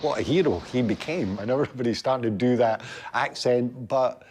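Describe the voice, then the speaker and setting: A man in an interview, talking enthusiastically with some halting fillers. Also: medium pitch, a little mellow, a little hiss or hum. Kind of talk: casual interview talk.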